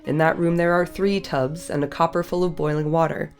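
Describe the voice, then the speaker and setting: A woman reading as Merry, a brisk, bossy hobbit. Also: low-pitched, steady tone. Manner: bossy and practical. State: has a cold. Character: brisk, organizing young male hobbit.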